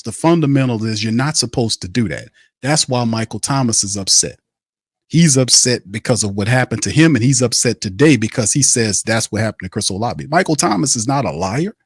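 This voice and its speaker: Male sports host, mid-pitched, heated profane ranting, dry close recording. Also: slightly rough, no echo. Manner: fired-up ranting, repeats himself, blunt and profane.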